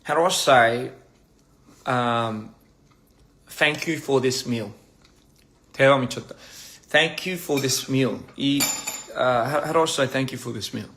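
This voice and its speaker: Bright, forward-toned man hosting a laid-back live stream over dinner, stop-start and playful, faint dish clatter behind. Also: medium pitch, slight background noise. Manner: playful, halting, repeats phrases while practicing pronunciation. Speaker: livestream host. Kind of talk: casual live-stream chat while eating.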